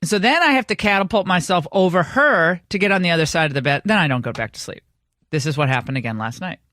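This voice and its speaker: A woman's voice: lowish voice, expressive, fast, fairly bright tone, dry recording. Chatty woman radio host, dry studio. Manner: chatty storytelling with restarts. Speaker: radio talk show host. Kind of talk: casual radio talk. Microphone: studio microphone.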